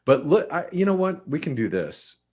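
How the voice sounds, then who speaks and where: A man hosting a live trading webinar, talking casually through currency levels and often thinking aloud with quick restarts and asides. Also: fairly high pitch, sing-song, darkish tone. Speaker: forex market analyst.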